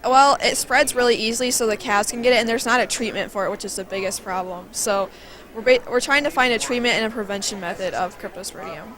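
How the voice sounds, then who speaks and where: A teenage girl in high school explains her science fair project. She answers in a plain, matter-of-fact way. Her voice is a little high. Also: fast, fairly bright tone. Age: teens. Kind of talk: casual interview.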